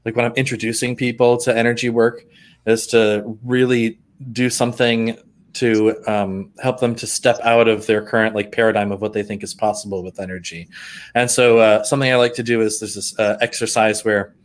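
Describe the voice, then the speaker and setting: A man's voice: fairly low pitch, little pitch movement, moderate pace. A man co-hosting a spiritual podcast, recounting an anecdote in a rambling, hesitant way. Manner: rambling, hesitant, with fillers and restarts. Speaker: podcast co-host. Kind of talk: casual spiritual chat.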